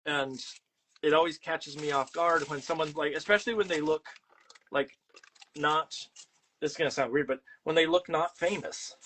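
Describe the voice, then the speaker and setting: A man's voice: on the high side, steady tone, normal speed, a bit bright, low-quality recording. Upbeat man hosting a chat, faint hiss. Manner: casual, filler-heavy, upbeat. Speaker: podcast host. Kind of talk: casual interview chat.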